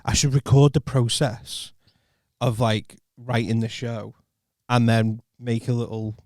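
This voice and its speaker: A man's voice: medium pitch, flat delivery, a little slow, darkish tone, no echo, studio quality. A man co-hosting a podcast as a comedian, chatting casually, laughing often and swearing freely. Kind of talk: casual chat.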